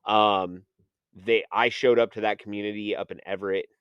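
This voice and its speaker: A man's voice: fairly low pitch, fairly even intonation, moderate pace, clear, resonant tone, dry recording, lo-fi sound. A man who is a podcast guest, telling a casual, rambling story full of "like" and "um" and acting out his own past conversations.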